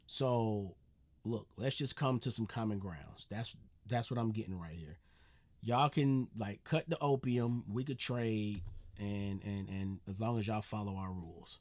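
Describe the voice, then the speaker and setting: A man's voice: medium pitch, very animated, unhurried, fairly bright tone. An American man hosting a reaction video, talking casually and getting exasperated, repeating himself, swearing and saying "bruh" often. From United States.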